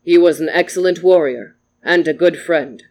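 A storyteller voicing a calm, mournful samurai man who speaks softly and formally. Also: mid-range voice, natural voice. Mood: solemn. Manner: soft, formal, measured speech.

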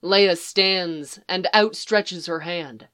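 Reader: woman, unhurried soft narration, low register. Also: smooth. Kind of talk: reading fan fiction aloud.

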